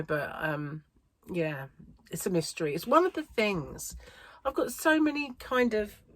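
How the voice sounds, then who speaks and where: A chatty British woman vlogging to her viewers, rambling from thought to thought and laughing often. Her voice sits a little low for a woman, and the recording is dry and close, with no room sound. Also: no echo. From United Kingdom. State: a bit out of breath. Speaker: crochet vlogger. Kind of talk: casual chat to camera.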